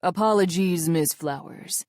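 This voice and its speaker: Lady voicing a polite formal manservant, slow and proper, audiobook. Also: lowish voice, a little mellow, no room sound, clean studio sound, close to an everyday voice. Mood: apologetic. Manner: courteous, formal phrasing. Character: formal polite male servant.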